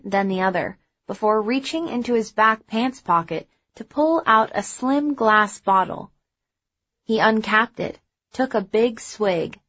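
Slow-reading woman audiobook narrator. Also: medium pitch, a bit bright, dull audio. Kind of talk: first-person novel narration.

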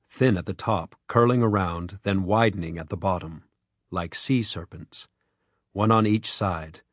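A man reads an audiobook in a measured, even storytelling voice. His tone is low and slightly husky. The recording is dry and close, with no room sound. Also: dry recording. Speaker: audiobook narrator. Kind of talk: scripted narration.

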